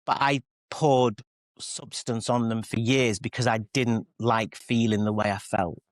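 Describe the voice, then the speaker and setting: A man's voice: medium pitch, steady tone, unhurried, dry recording. A man in his forties with a Mancunian accent, a guest telling candid, self-deprecating stories in an interview. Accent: Mancunian English. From England. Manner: rambling, self-deprecating, with frequent restarts and acted-out quotes. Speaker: guest, pop singer and author.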